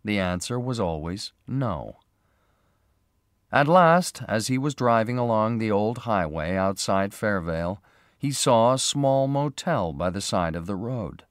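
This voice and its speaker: A man slowly and clearly reading a graded story for English learners, with expressive delivery. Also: lowish voice, no room sound, studio quality. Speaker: narrator.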